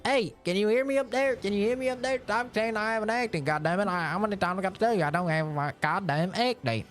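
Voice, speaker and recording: A man's voice: sits high, quick pace, soft background music, voice pushed up. A man hollering as an exasperated, indignant man. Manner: shouting, exasperated, swearing. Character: indignant man yelling up at someone.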